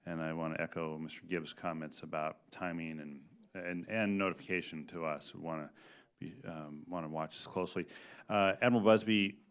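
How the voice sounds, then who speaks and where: A man questioning witnesses at a committee hearing, talking in a halting, folksy way with many fillers and restarts into a desk microphone in a hearing room. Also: sits low, fairly even intonation, clean tone. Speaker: congressman questioning a hearing panel.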